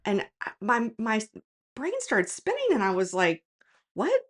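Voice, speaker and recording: A woman's voice: on the high side, wildly swooping pitch, moderate pace, fairly bright tone. A woman who runs a tutoring business, telling a personal story in a casual, frank and reflective way, straight to her viewers.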